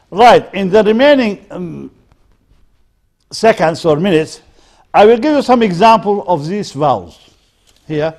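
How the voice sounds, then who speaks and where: A man lecturing at a university, deliberately drilling example words one by one. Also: high-pitched, darkish tone. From Sudan.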